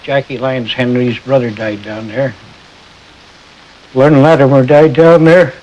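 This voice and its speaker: Older veteran, mid-range voice; halting, reflective interview memories over faint background hiss. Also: male voice, medium pitch, steady tone, darkish tone, lo-fi sound. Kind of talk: documentary interview recollection.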